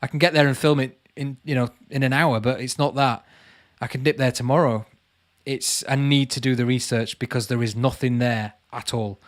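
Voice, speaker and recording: A man's voice: mid-range voice, steady tone, moderate pace, few pauses, no echo. Man, casual livestream host, chatty, dry close recording. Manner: chatty, calls viewers mate, reads comments aloud. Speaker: channel host answering live chat.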